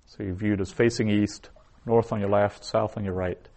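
A man's voice: lowish voice, fairly even intonation, gravelly, dark tone. A man teaching a recorded language lesson, saying each word twice and then explaining it. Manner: slow, repeats each word twice before glossing it. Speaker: Hebrew teacher.

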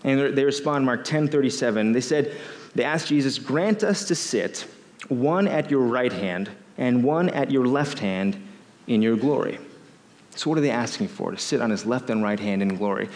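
A man preaching a sermon as a pastor, in an animated way, often repeating phrases. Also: medium pitch, normal speed, in a large hall.

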